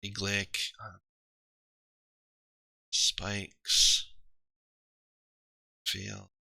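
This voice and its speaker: Bright-voiced man rambling on stream. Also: fairly low pitch, expressive, drawn-out words, gravelly, long pauses, no echo. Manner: rambling, thinking aloud with many fillers and restarts. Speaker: streamer and league player. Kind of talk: casual livestream chat.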